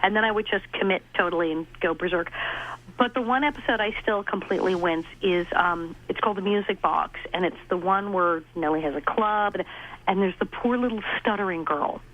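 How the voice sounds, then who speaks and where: A middle-aged woman, an actress and comedian, telling stories in an interview, animated and laughing as she acts out quoted lines. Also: mid-range voice, brisk. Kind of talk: casual interview storytelling. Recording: dull lo-fi audio.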